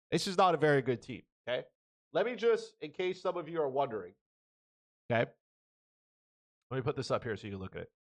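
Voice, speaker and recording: A man hosting a podcast, giving blunt, opinionated sports commentary and often tagging his points with "right?" or "okay?". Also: on the high side. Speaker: podcast host.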